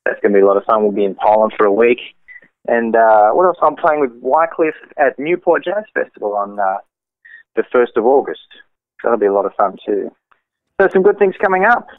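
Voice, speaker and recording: Over a tinny, dry phone line, an Australian man, a musician with an Australian accent, talks as a guest in a casual interview. His mid-range voice is expressive and brisk, and he's chatty, laughs easily and multitasks.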